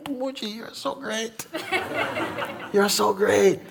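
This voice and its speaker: A man imitating an admiring male lecturer who gushes excitedly with loud, laughing praise. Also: high voice, extremely slow, gravelly, voice pushed up, heavily acted. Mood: gushing.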